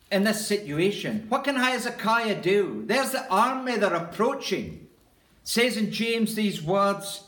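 A man's voice: sits high, a bit bright. A man preaching a sermon as pastor, earnest and emphatic, repeating key phrases for weight. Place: church. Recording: echoey church room.

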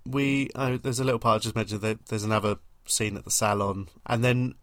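A man co-hosting a podcast, recapping a film in a dry, gently mocking way. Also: on the low side, brisk, no room sound. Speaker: podcast co-host.

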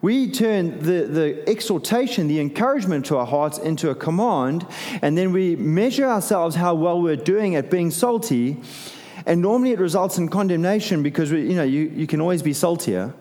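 A middle-aged man, a pastor, preaching a sermon in a casual, conversational way with animated turns and self-deprecating asides. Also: a little high, moderate pace. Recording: long hall reverb.

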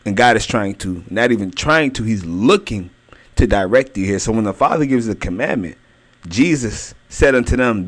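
A young adult man delivers a sermon in a somewhat low voice. He talks emphatically, repeating words and drawing out key phrases slowly for weight. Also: animated. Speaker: preacher.

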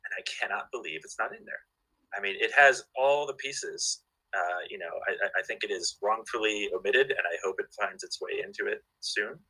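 Husky-voiced man, bright and eager. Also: lowish voice, normal speed, poor audio. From Southern California. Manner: enthusiastic storyteller, many fillers and restarts. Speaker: guest. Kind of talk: casual chat.

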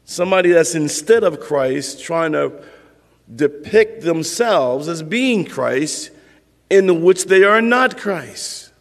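A man's voice: a little high, animated, takes it slowly, in a large hall. A male pastor preaching a sermon in a conversational way, repeating points for emphasis.

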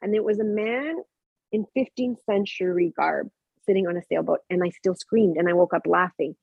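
Husky woman over a tinny line. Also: fairly low pitch, moderate pace, no room sound. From Mexican heritage, living in Canada. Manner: rambling, many fillers and restarts, animated quoting. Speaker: guest sharing personal spiritual experiences. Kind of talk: casual conversational storytelling. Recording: dry, tinny phone-like sound.

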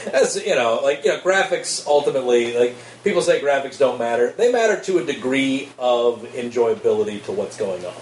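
A man's voice: medium pitch, expressive, brisk, hardly any pauses. A man co-hosting a podcast in casual, rambling chat, laughing often. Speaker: podcast co-host. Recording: roomy echo, distant mic, faint hiss.

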